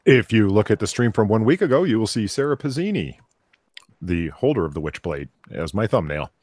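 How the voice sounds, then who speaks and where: A man's voice: fairly low pitch, big pitch swings, brisk, darkish tone, no room sound. A man hosting a casual chat, laughing often and restarting his sentences. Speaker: host.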